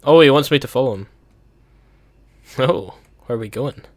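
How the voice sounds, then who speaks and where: A man's voice: medium pitch, expressive, normal speed, dry recording, clean studio sound. A male podcast co-host chatting casually and making crude, teasing jokes while gaming.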